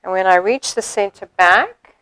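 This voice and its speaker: A woman demonstrating sewing steps in a chatty way, thinking aloud as she works and filling pauses with ums. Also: medium pitch, a bit bright, clean tone, no echo, rough recording. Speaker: sewing instructor.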